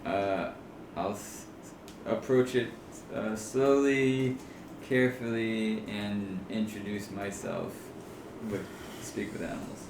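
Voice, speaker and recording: A man's voice: on the low side, fairly even intonation, takes it slowly. A man playing a tabletop game, talking hesitantly and earnestly to the game master. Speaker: player. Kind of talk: casual tabletop play. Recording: roomy home recording with faint noise.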